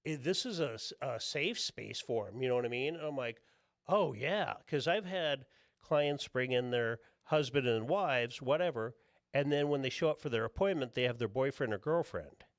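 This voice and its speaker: A man's voice: mid-range voice, lively intonation, normal speed, dry recording, studio quality. A man, a tattoo artist guest, talks casually on a podcast, rambling and peppering his stories with "dude" and "you know what I mean.".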